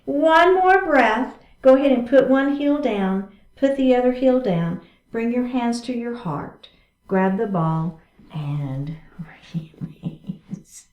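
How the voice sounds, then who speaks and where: A woman chair yoga instructor, cueing each movement step by step in an encouraging way during a guided class. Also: sits high. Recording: echoey room from a distance.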